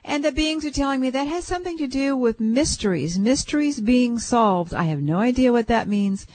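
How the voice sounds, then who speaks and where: A woman's voice: on the high side, lively intonation, moderate pace, a little mellow, no room sound. A woman hosting a radio call-in show as a psychic, chatting casually and breaking into whooping chants.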